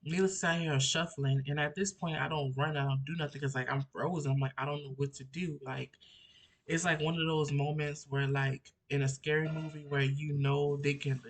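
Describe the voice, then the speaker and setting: A man's voice: fairly high pitch, steady tone, brisk. Young man rambling through a story. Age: 20s. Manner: rambling, emotional retelling full of fillers and restarts. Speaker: vlogger. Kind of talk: personal story-time vlog. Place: at home.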